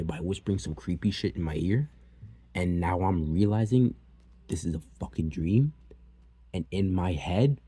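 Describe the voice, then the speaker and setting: A young man casually telling a personal story, animated and swearing freely. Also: sits low, slightly rough. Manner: animated, swearing, tearful at times. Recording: faint background noise.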